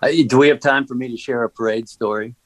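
A man appearing as a podcast guest, an elected official who tells animated stories and laughs between his thoughts. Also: mid-range voice, fast, dry recording, low-quality recording. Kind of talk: casual conversational storytelling.

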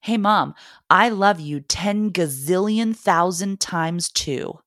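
A woman voicing her cheerful, affectionate young son, calling out in a bright, excited way. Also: on the low side, slow, dry recording, studio quality, voice pushed up.

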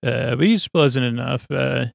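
A man's voice: mid-range voice, moderate pace, creaky, no echo, clean studio sound. A man hosting a podcast, recapping a show in a meandering, filler-heavy way. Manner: rambling, lots of fillers and asides. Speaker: podcast host.

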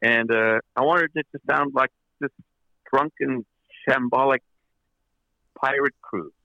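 A man's voice: medium pitch, a little slow, creaky, pushed and bright, dry recording, highs cut off. A man, a record producer as an interview guest, telling long anecdotes with many fillers and restarts. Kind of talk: interview storytelling.

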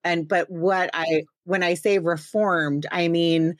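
A woman's voice: on the low side, steady tone, takes it slowly, no room sound, studio quality. A woman in her thirties hosting a podcast, talking in a chatty, self-deprecating and teasing way. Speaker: podcast host. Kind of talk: casual chat.

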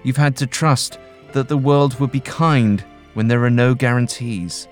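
A man voicing a young male soldier who speaks gently and earnestly, in a storytelling podcast. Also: medium pitch, a little slow, faint music behind, natural voice. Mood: pleading.

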